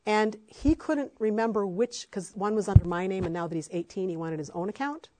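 A woman's voice: medium pitch, expressive, a little fast, noisy background. A middle-aged woman, an adoptive mother, speaking with passion and emphasis in a faith-based talk to parents, with frequent fillers.

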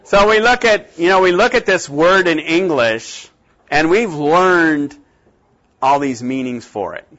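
A man giving a classroom lecture on translation, animated, often acting out little scenes with sudden jumps in pitch. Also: measured pace, muffled recording. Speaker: teacher.

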